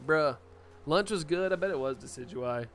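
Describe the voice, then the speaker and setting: A man's voice: fairly high pitch, animated, fairly quick, slight background noise. A young man live-streaming, chatting casually and laughing often as he reacts to viewer messages.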